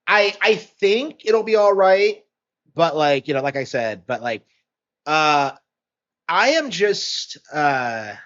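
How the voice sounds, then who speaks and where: A man with a somewhat high voice rambles in casual commentary, hesitating and restarting often. The sound is muffled and lo-fi. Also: lively intonation, takes it slowly, a bit bright. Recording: muffled lo-fi audio.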